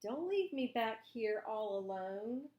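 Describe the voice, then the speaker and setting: A woman's voice: on the high side, lively intonation, takes it slowly, dark tone, reverberant. A woman voicing a lonely, chatty little old lady who asks plaintive questions.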